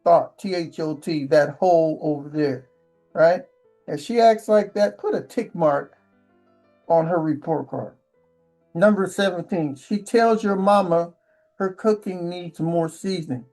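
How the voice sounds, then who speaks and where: A man's voice: on the high side, measured pace, a little mellow, faint music behind. A man hosting a relationship advice monologue, telling rambling stories and often tagging lines with a rhetorical question. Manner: rambling storyteller, keeps asking "right?". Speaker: channel host.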